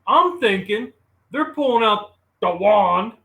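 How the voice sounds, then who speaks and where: A middle-aged man with a high, bright voice tells a story on a podcast, lively and laughing as he goes. He is recorded in an echoey room. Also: slow, creaky, a little hiss or hum. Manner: animated, laughing while telling a funny story. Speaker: guest. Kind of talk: casual storytelling chat.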